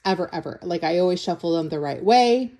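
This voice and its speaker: A woman's voice: on the low side, expressive, brisk, mellow. A young woman doing a casual tarot reading to camera, blunt and teasing, who keeps checking in with "okay?". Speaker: tarot reader.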